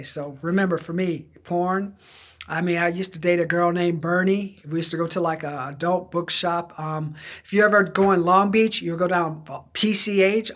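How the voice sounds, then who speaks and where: A middle-aged man from Southern California, telling candid, rambling stories about his own past as job-search advice. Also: sits high. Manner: rambling, candid, drifting into quoted voices. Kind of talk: casual personal storytelling.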